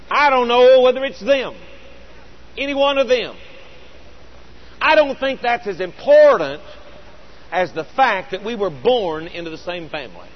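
Earnest and full of storytelling, a middle-aged man preaches a sermon, slowing down with emphatic pauses. His voice sits high, and the audio sounds dull.

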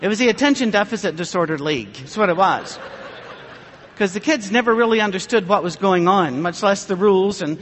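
A man's voice: high voice, lively intonation, fairly quick, a bit bright, in a large hall, a little hiss or hum. A man preaching a humorous sermon, telling stories in a dry way and acting out the people in them. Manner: dry storytelling with mock dialogue.

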